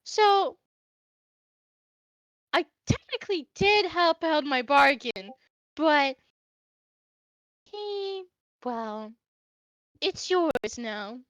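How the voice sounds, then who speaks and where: A woman's voice: high voice, lively intonation, extremely slow, long pauses, fairly bright tone, no echo, full character voice. A woman doing a stern, formal castle general. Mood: cool. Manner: formal, clipped, attempted accent.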